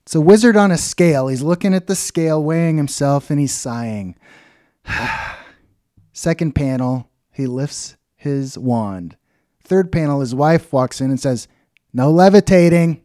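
A man co-hosting a casual podcast, laid-back and deadpan, cursing now and then. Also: a little high, moderate pace, dry recording, clean studio sound. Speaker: podcast co-host. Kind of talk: casual chat.

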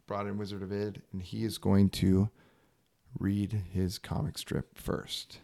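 A man's voice: low-pitched, completely flat delivery, a little slow, vocal fry, mellow. A man co-hosting a casual podcast, joking around and reading comic strips aloud. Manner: wry, jokey, reads comic strips aloud. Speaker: podcast co-host. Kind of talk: casual chat.

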